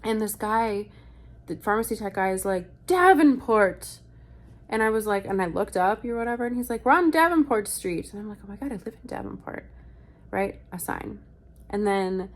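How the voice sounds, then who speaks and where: A young woman with a gravelly, fry-laced voice, talking from bed while sick with a virus. She rambles in a chatty vlog style, swearing freely and acting out what other people said, with a mid-range pitch. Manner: chatty, swearing, fast asides and quoting people. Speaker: vlogger. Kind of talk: casual storytelling vlog. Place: hotel room, in bed.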